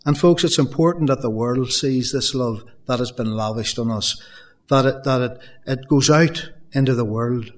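A man delivers a sermon to his congregation. His pitch sits in the middle range for a man. He preaches earnestly and builds emphasis by repeating phrases. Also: moderate pace. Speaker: pastor.

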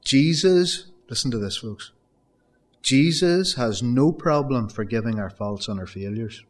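A male preacher delivering a sermon at a middle pitch. He talks earnestly, then swells into loud, emphatic peaks. He keeps turning to the congregation and calling them folks. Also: expressive, unhurried.

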